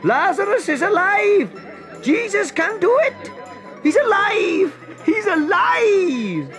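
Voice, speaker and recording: A man voicing a crowd of amazed witnesses, shouting with breathless excitement. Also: very high-pitched, takes it slowly, soft background music, voice pushed up, heavily acted. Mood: ecstatic.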